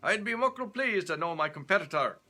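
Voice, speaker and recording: A man doing a booming jovial Scotsman. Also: animated, brisk, full character voice. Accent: Scottish. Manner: loud and jovial. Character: hearty, boisterous Scottish soldier leader.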